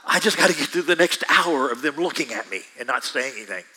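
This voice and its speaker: Bright, animated male preacher. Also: a little high, slightly rough, rough recording. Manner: addresses listeners directly with quick asides. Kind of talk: sermon.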